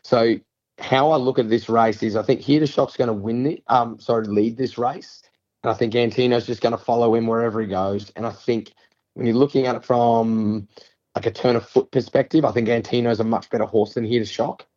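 A man's voice: mid-range voice, fairly even intonation, brisk, a little mellow, muffled recording. An Australian man co-hosting a casual racing tips podcast, working through form lines at length with fillers and restarts. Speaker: racing tipster co-host.

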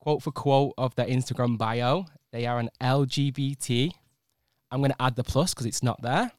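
A man's voice: mid-range voice, normal speed, darkish tone, no echo. A man with a Manchester accent hosting a podcast in a studio, playful and teasing in casual chat. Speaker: podcast host.

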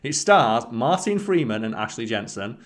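A man's voice: medium pitch, very animated, moderate pace. A man co-hosting a podcast, chatting casually, swearing freely and telling rambling stories. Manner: rambling storyteller, swears freely, mimics people in quotes. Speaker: podcast co-host. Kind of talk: casual chat.

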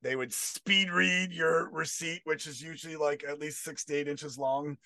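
A man performing a stand-up comedy bit, deadpan with rambling asides. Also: a little high, moderate pace, no echo.

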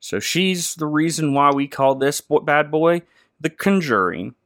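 Bright-voiced joking podcast host man. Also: a little high, lively intonation, unhurried, no echo, studio quality. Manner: jokey and playful. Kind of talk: casual comedic chat.

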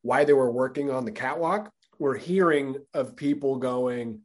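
A man co-hosting a comedy podcast, talking in a husky, slightly rough voice. He chats casually and makes jokes, often dropping into quick put-on voices to act out little scenes. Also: mid-range voice. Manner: joking, animated, quick bits of put-on voices. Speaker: podcast co-host.

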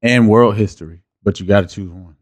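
A young man co-hosting a podcast, loud and joking in casual banter. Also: fairly low pitch, fairly quick. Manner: loud, joking, laughs often. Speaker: podcast co-host.

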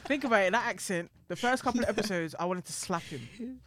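A woman co-hosting a casual podcast, animated and jokey, often cutting in. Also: medium pitch. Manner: animated, jokey, quick to cut in. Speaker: podcast co-host. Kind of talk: casual chat.

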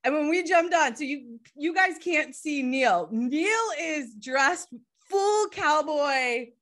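A woman's voice: high-pitched, expressive, takes it slowly, a bit bright. A woman from the Northeastern US hosting a podcast, chatty, bubbly and enthusiastic, laughing often. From Northeastern USA. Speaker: podcast host. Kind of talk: casual podcast chat.

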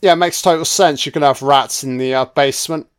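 Chatty, sweary film commentator. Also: male voice, fairly high pitch, quick pace, clear, resonant tone. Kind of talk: casual audio film commentary.

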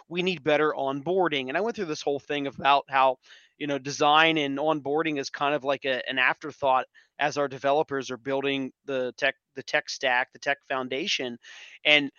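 A man in casual podcast chat, telling stories in an animated way, repeating words and swearing now and then. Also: mid-range voice, brisk, clean tone, no echo, lo-fi sound. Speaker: podcast guest.

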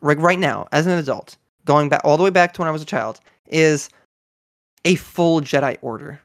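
A man in his twenties in a casual chat, talking earnestly and excitedly as a fan. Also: on the high side, normal speed, dry recording, studio quality. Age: 20s.

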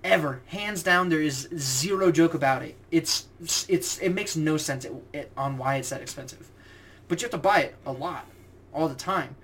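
A young man with a slightly raised pitch chats casually on a podcast. He tells stories with lots of swearing and acts out the voices of the people he quotes. A faint hiss runs under the recording. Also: normal speed, a bit bright. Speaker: podcast co-host. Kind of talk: casual chat, storytelling.

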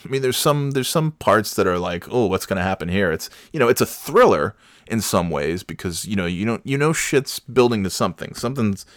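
A man's voice: on the low side, expressive, a little fast, no room sound, clean studio sound. A man chatting casually about a movie, rambling and profane, mocking himself as he goes.

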